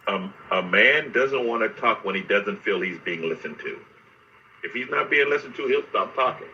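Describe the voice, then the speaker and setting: A man argues in a casual talk-show debate, his voice bright and sharp and his pitch swinging widely. He acts out quotes in put-on voices. He sounds set back from the mic, with a dull, muffled radio-like tone. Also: lively intonation, normal speed, recorded from a distance, a little hiss or hum. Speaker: co-host.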